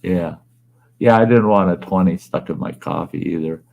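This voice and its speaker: A man's voice: low-pitched, moderate pace, vocal fry, narrow, tinny audio. A man hosting his own storytelling show from home, telling a rambling, folksy tale in a plain-spoken, casual way. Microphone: wearing earbuds.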